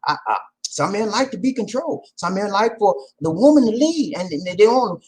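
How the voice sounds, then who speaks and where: A man hosting a casual advice talk, animated and preachy, with slang and loud laughs at his own jokes. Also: high voice, fairly quick, rough recording. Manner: slangy, repeats "man" and "okay". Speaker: vlog host.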